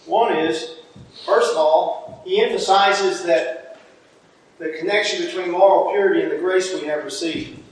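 A man's voice: sits high, a little slow. A man preaching a sermon in an earnest tone, often repeating words as he presses a point. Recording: echoey room.

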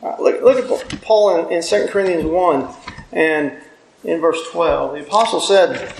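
A man's voice: on the high side, moderate pace, gravelly, slight background noise. A man preaching a sermon in an earnest tone, often repeating words as he presses a point. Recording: echoey room.

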